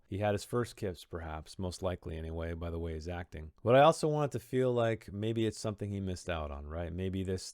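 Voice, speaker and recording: A man's voice: sits low, a little mellow, no room sound, studio quality. A man talking through a story he wrote, explaining his choices in a thoughtful, rambling way with many restarts. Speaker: author discussing his own story. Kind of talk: reflective commentary on his own writing.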